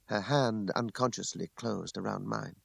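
A man reading a classic novel aloud in the first person, with measured, restrained narration. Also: lowish voice, vocal fry, no echo. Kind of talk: scripted audiobook narration.

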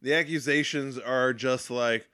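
A man's voice: medium pitch, fairly even intonation, measured pace, bright, forceful tone, smooth, no room sound, studio quality. A man co-hosting a casual podcast, blunt and crude, laughing often. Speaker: podcast co-host. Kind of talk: casual chat.

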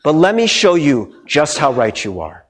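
A man preaching a sermon as pastor, playful and animated, asking the congregation many questions. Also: a little high, normal speed, slightly rough.

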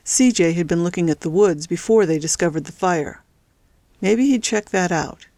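A woman's voice: normal speed, mellow, no echo. A woman narrating a story aloud, reading every character's lines herself with small shifts in her voice. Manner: reads all characters with small pitch shifts. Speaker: audiobook narrator. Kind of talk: scripted narration.

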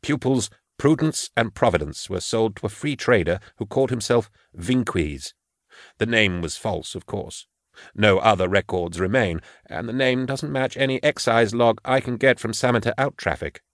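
A man's voice: fairly low pitch, moderate pace, no echo, clean studio sound, lightly acted. A man voicing a nervous, fussy young male scholar with a whiny edge. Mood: earnest.

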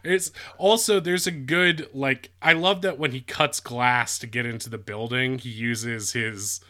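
A man's voice: mid-range voice, steady tone, measured pace, sharp tone. A man co-hosting a podcast, rambling and joking about a movie he watched. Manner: rambling, jokey, laughs often. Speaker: podcast co-host. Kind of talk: casual movie review chat.

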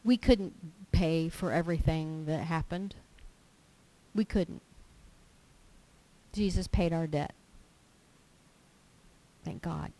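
In a mellow, low-pitched voice, a woman preaches a sermon slowly, with long pauses, reading a scripture passage aloud and then applying it. Now and then she slips into character to act out everyday complainers. The audio is poor.

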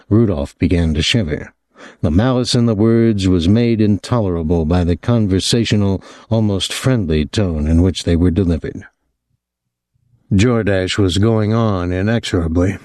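Low-voiced man narrating an audiobook. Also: mellow, no echo, studio quality. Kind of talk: scripted narration.

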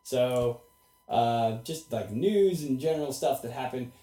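A man's voice: mid-range voice, measured pace. A man hosting a casual podcast, chatting and acting out quotes with lots of laughter. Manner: animated, acts out quotes, laughs often. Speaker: podcast host. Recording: roomy echo.

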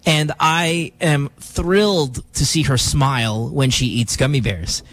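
This morning-show host is a man in his thirties talking slowly in a mid-range, fairly bright voice on a studio mic. His talk wanders loosely, and he keeps laughing at his own expense.

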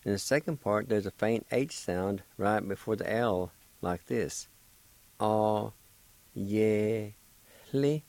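A man's voice: lowish voice, darkish tone, dry recording, poor audio. A man hosting a radio lesson, patiently spelling words out syllable by syllable and encouraging the listener. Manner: slow, patient, spells out syllables one at a time. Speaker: radio host teaching Cherokee.

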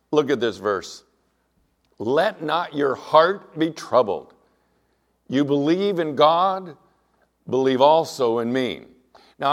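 A middle-aged man preaching a sermon as pastor, earnest and emphatic, weaving in personal anecdotes. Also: mid-range voice.

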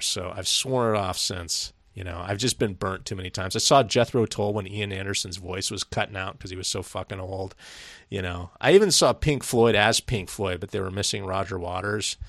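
A man's voice: low voice, moderate pace, fairly bright tone, no echo. A middle-aged man co-hosting a podcast, telling rambling stories in casual chat, swearing freely and laughing often. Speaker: podcast co-host.

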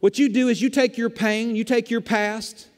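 A male pastor with a notably high voice preaches emphatically, pressing his points with rhetorical questions and repetition. His tone is steady and his speed normal, and long reverb from a large church sanctuary carries his words.

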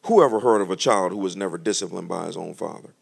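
A man preaching a sermon as pastor, joking between slow, emphatic scripture readings. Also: deep voice, vocal fry, husky. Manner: lively, humorous preaching, reads scripture slowly and loudly.

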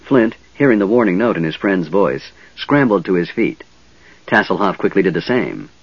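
A man narrating a fantasy audiobook in an expressive reading, recorded dull and dry. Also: low voice, moderate pace, slightly rough, no room sound. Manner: lively, expressive reading with many voices.

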